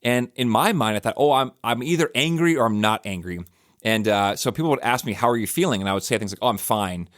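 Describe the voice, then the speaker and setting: A man's voice: medium pitch, animated, quick pace, a bit bright, dry recording, studio quality. A podcast host, a man likely in his thirties, talking in a casual, rambling reflective monologue with frequent restarts and fillers.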